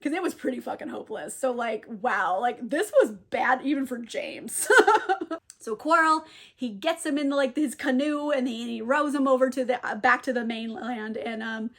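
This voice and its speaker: A woman's voice: fairly high pitch, a bit bright. A young woman casually retelling a novel's plot, with lots of fillers and frequent laughter. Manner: laughs often, lots of fillers, quick quoted asides. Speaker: book reviewer. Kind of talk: casual book recap.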